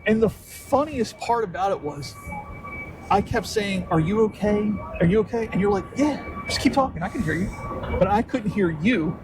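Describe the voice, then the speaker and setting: A man's voice: high voice, lively intonation, normal speed, music in the background. A man hosting a podcast, casually chatting while walking outdoors, a brash, crude storyteller. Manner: brash, crude storyteller doing silly put-on voices. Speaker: podcast host. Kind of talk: casual chat. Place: outdoors, walking along streets. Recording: noisy outdoor recording with traffic.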